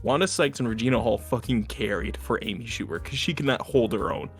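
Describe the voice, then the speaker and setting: A young man co-hosting a podcast, chatting casually and retelling scenes with quick impressions. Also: medium pitch, faint music behind. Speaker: podcast co-host. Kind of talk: casual chat.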